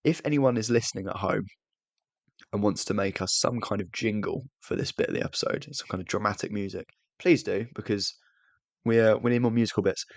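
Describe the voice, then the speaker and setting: Gravelly young British man. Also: lowish voice, a little fast, no echo. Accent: British English. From Britain. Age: young adult. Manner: rambling, self-deprecating, restarts often. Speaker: podcast co-host. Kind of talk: casual chat.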